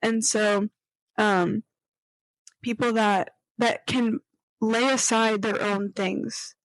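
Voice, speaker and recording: A woman's voice: a little high, fairly even intonation, slow, no echo, poor audio. A young woman hosting a casual chat, talking with lots of fillers and acting out quoted voices. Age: young adult. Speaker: podcast host.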